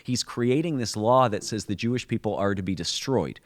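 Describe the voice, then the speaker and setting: A man's voice: fairly low pitch, normal speed. A man co-hosting a podcast, explaining a holiday story in a conversational, storytelling way with frequent restarts. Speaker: podcast co-host.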